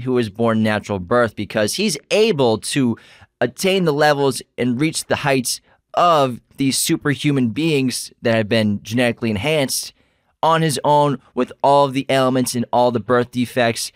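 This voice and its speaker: Man, podcast co-host, rambling, excited, dry close sound. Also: medium pitch, clear, resonant tone, dry recording. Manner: excited, rambling, restarts sentences. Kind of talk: casual film discussion.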